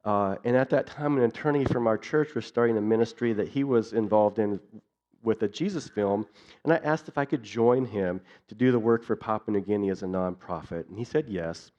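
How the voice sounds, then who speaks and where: A man's voice: lowish voice, a little fast, a little mellow. A man giving a church missions talk in an earnest way, building his points through repeated lists, in a dull lo-fi recording. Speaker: missions speaker.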